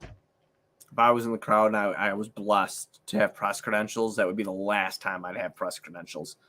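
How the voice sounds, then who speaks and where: A man's voice: on the low side, fairly even intonation, moderate pace, bright, forceful tone. A man hosting a casual sports podcast, ranting angrily and swearing constantly. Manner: profane, angry ranting. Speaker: podcast host.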